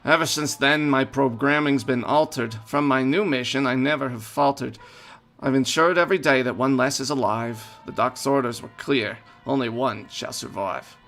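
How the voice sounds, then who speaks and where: A man's voice: mid-range voice, normal speed, a bit bright, soft background music, lightly acted. A man voicing a stern male robot desk guard who speaks in rhyming couplets, in a game. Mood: ominous. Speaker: game developer.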